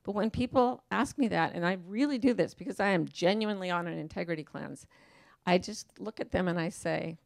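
Female author guest: textured, gravelly tone, emphatic and playful delivery. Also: lowish voice, a little fast, darkish tone, no echo, clean studio sound. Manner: emphatic and playful, quotes herself in voices. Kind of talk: casual onstage interview talk.

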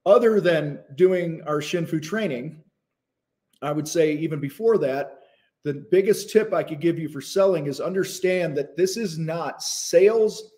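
Male live-stream host, slightly high voice, loose rambling delivery with fillers and restarts. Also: normal speed, darkish tone. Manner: talks with his mouth full at times. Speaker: host of a live business show. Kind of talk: casual live-stream talk. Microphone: phone.

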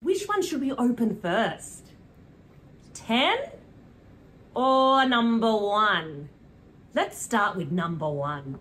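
A young woman with a British accent, presenting a preschool lesson in a slow, sing-song, animated way, with gasps and cheers. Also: mid-range voice. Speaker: children's presenter. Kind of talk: preschool teaching.

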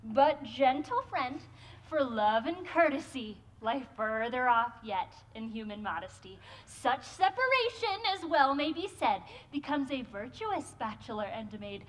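A woman playing a modest, affectionate young woman in a live stage Shakespeare performance, speaking gently and coaxingly. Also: sits high, big pitch swings, a little slow.

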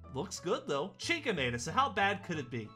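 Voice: medium pitch, very animated, brisk, pushed and bright, faint music behind. Performer as a flustered, stammering pizzeria animatronic. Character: nervous eager animatronic pizzeria boss. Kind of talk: Minecraft roleplay acting.

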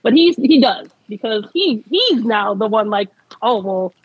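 Chatty young woman, husky voice. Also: fairly high pitch, animated, moderate pace, no room sound, lo-fi sound. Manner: chatty, laughs often, fillers like "like" and "I'm like". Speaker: interview guest. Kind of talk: casual storytelling interview.

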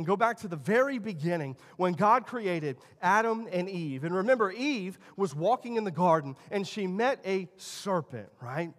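A man in his thirties preaching a sermon as pastor, telling stories and shifting between quiet asides and loud emphasis. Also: sits high, animated, moderate pace, few pauses. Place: church sanctuary. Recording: long church hall reverb.

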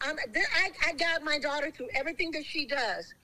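A middle-aged woman calling in by speakerphone as the guest's mother, telling a story in a blunt, animated way and cursing freely. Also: sits high, brisk, low-quality recording. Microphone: phone on speaker.

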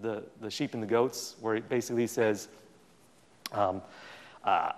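A man giving a public talk, telling stories in a lively way with plenty of fillers and acting out the dialogue. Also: on the low side, unhurried, pauses often. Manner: animated storytelling, acts out quoted dialogue. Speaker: guest speaker. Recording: long reverb in a hall.

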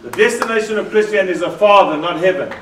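South African male preacher, high voice, lively and jokey, in an echoey hall heard from far off. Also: fast talker. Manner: lively, joking, draws in the congregation. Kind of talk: sermon.

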